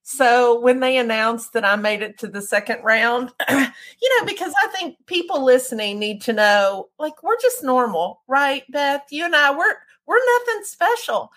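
A woman's voice: high voice, lively intonation, normal speed, fairly bright tone. Friendly woman hosting a podcast. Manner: friendly, self-deprecating, laughs along. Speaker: podcast host. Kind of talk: casual interview chat.

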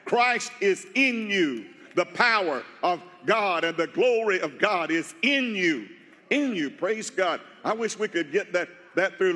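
A man's voice: high voice, sharp tone, long reverb tail. A man preaching a sermon as pastor of a church, emphatic and repeating key phrases to the congregation. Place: church sanctuary.

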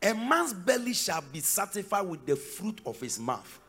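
A man with a Ghanaian accent preaching a sermon in church, breaking into shouts and sing-song cadences. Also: high-pitched, big pitch swings, moderate pace, husky. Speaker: pastor.

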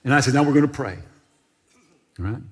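A man's voice: medium pitch, fairly quick, slightly rough, long reverb tail. A man preaching a television sermon, telling a personal story and leading viewers in prayer. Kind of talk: sermon with altar call.

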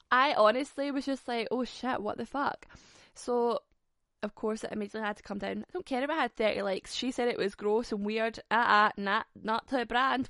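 A woman's voice: medium pitch, a bit bright, dry recording, clean studio sound. A woman in her twenties hosting a podcast, chatting frankly and swearing, with frequent laughs. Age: 20s. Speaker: podcast host. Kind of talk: casual solo podcast chat.

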